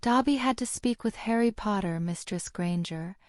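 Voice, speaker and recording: A woman's voice: mid-range voice, normal speed, dry recording, studio quality, close to an everyday voice. A woman voicing a timid, servile male house elf who speaks of himself in the third person, read as an audiobook character. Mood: anxious pleading.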